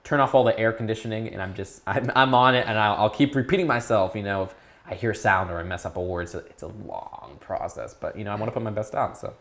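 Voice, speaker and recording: Teen guy rambling thru an interview, kinda low voice, lots of restarts. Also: fast. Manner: rambling, restarts often, animated when excited. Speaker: YouTube creator, guest. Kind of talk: casual interview chat.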